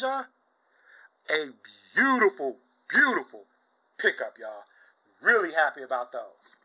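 A young man chatting casually about his comic book finds, exuberant, saying "y'all" often and bursting into loud shouts and laughs. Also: on the high side, big pitch swings, slow, rough recording. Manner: exuberant, says "y'all" a lot. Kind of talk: casual chat.

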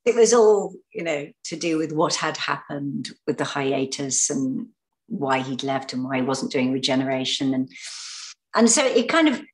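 A low-pitched English woman talks as an interview guest. She reminisces with hesitations and repeated words, often laughing. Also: expressive, normal speed. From Britain. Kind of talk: anecdotal interview talk.

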